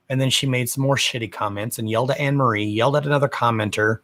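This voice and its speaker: A man's voice: mid-range voice, fairly even intonation, quick pace, hardly any pauses, fairly bright tone. A man hosting a live stream as a psychic medium, chatting casually from home in a sassy, gossipy way, cussing freely and calling his viewers darling.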